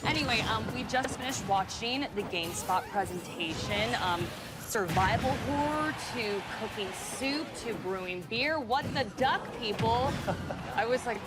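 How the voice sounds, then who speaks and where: A woman's voice: a little high, lively intonation, measured pace. A woman hosting a gaming livestream, bubbly and giggly as she reads sponsor lines and hands off to guests. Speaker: livestream host. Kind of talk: casual hosting chat. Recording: loud music bed under the voice.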